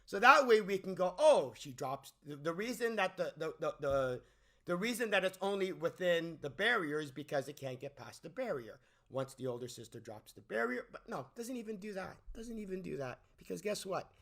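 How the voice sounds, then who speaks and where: A man's voice: sits high, expressive, normal speed, sharp tone. Exasperated man ranting about a movie. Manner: exasperated, repeats words and restarts often. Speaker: movie critic.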